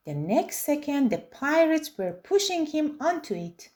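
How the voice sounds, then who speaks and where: A woman reading a children's picture book aloud with expressive storytelling. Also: high voice, measured pace, hardly any pauses. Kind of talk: children's read-aloud narration.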